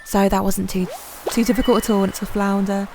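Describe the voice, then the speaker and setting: A woman chats her way through a farming game, filling the pauses with ums and gently poking fun at herself. Her voice has a gravelly fry and sits at an ordinary pitch. Soft game music plays quietly behind her. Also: level tone. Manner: chatty, many ums, self-deprecating. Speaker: gaming channel host. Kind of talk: gameplay commentary.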